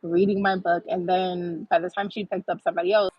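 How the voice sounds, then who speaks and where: Woman, husky, dull lo-fi sound, chatty animated storytime. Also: on the low side, fairly quick, dry recording. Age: adult with a child. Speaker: vlog host. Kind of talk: casual storytime.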